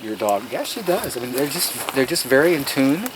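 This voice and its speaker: This man's voice sits fairly high, brisk and animated, as he leads an outdoor tour of his garden. He tells stories casually but with earnest emphasis, adding asides that sound like a preacher's, and the field recording picks up noise from outside.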